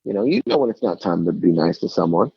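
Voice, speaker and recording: Husky-voiced man rambling earnestly. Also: low-pitched, animated, fast, no room sound. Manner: rambling, earnest, peppered with "you know" and "like". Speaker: guest calling in. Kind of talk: casual phone interview. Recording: dull lo-fi phone call.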